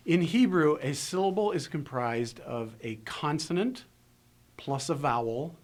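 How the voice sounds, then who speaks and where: A man giving a recorded lesson on grammar, explaining step by step in a measured way with pauses. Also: medium pitch. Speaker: Hebrew grammar instructor. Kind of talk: recorded lecture.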